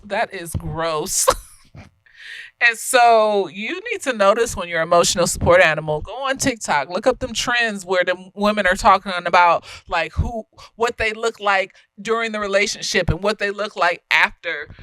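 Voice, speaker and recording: A woman's voice: mid-range voice, normal speed, a bit bright, no echo. A young woman giving a casual, slightly tipsy film review, profane and emphatic, laughing often.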